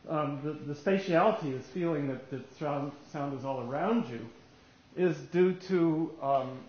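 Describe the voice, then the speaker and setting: Halting older man lecturing, very echoey room. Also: fairly high pitch. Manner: halting, rambling delivery with wry humor. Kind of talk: technical lecture. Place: lecture room at a society meeting. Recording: very echoey, dull room recording.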